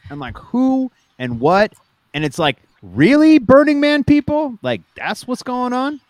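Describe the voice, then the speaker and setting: A man's voice: sits high, wildly swooping pitch, a little slow, a little mellow, dry recording. A man hosting a podcast, riffing and joking with laughs in a casual chat. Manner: jokey, riffing, laughs often. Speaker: podcast host.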